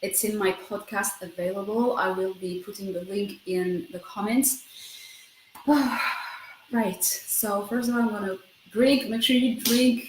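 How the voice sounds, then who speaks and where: A woman in her thirties talking fast in a personal self-help vlog, often breaking off mid-sentence and adding "right?". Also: mid-range voice, fairly even intonation, echoey room, noisy background. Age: 30s. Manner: fast, self-interrupting, keeps asking "right?". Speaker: vlogger.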